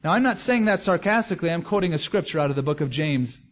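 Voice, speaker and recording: A man's voice: a little high, expressive, quick pace, muffled recording. A man as pastor, preaching a verse-by-verse expository sermon in a conversational way with joking asides.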